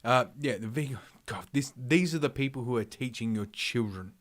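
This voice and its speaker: A man's voice: mid-range voice, moderate pace. A man streaming live, ranting through his opinions in a rambling, profane way, full of fillers and restarts. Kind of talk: livestream commentary rant.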